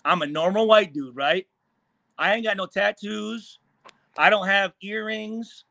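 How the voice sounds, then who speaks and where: A man's voice: high voice, a little slow, creaky, sharp tone, dry recording. A man in his forties from Michigan, a former football player, telling a profane, heated story and acting out what was said. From Michigan, USA. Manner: profane, heated, acts out quoted lines. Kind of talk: animated storytelling.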